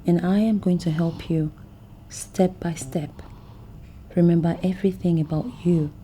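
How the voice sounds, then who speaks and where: A Nigerian actress playing a controlling woman who claims to be a mother, speaking slowly and insistently, often hushed. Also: fairly low pitch, fairly even intonation, a little hiss or hum, close to an everyday voice. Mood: soothing. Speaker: actress in a film. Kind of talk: film drama acting.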